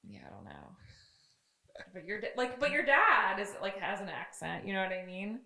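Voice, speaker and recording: Woman cohost with a gravelly voice, chatty and playful, roomy echo. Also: medium pitch, sing-song, moderate pace, bright, forceful tone. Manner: chatty, laughs easily, playful. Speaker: podcast co-host. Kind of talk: casual chat.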